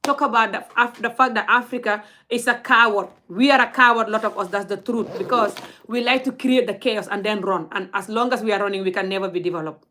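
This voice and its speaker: A woman's voice: medium pitch, steady tone, fairly quick, sharp tone, slight background noise. Heated, scolding woman. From Gambia. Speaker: vlogger. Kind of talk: direct-to-camera rant.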